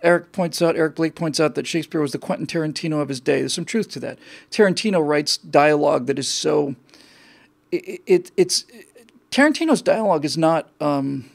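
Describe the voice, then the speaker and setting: A man's voice: on the high side, animated, fairly quick, creaky. A man from the United States hosting a show, giving a rambling, sardonic political commentary monologue. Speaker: show host.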